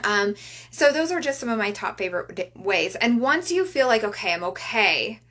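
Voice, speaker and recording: A woman's voice: on the high side, sing-song, fairly bright tone. Chatty woman coach leading breathing. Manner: chatty, tags sentences with "right?"; leads slow guided breathing. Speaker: reiki coach. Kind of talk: casual motivational vlog talk.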